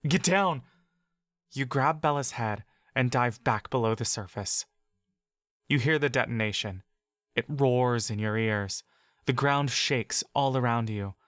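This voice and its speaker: A man narrates a fantasy story in the second person, slow and measured with steady intensity. His voice sits at a middle pitch and sounds dry and close to the mic. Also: no echo.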